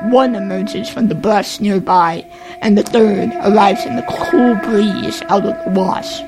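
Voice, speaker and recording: A woman giving a measured, scripted narration of desert ghost legends. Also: on the high side, darkish tone, breathy edge, rough recording. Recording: faint music underneath.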